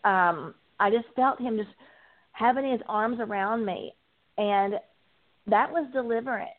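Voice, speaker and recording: A woman's voice: on the high side, unhurried. A woman guest and addiction recovery coach, giving an earnest, heartfelt personal testimony in an interview, with frequent ums. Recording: tinny phone-line sound.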